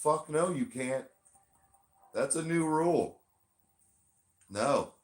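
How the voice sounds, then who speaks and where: A man co-hosting a casual podcast, talking loosely and swearing, switching between a chirpy service voice and a flat low one. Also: slow. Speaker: podcast co-host; bartender.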